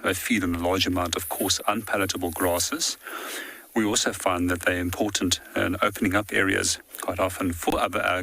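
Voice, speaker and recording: A man guiding a walking safari outdoors, giving calm, explanatory live commentary. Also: deep voice, breathy edge, poor audio. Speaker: safari guide. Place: outdoors in the bush on foot.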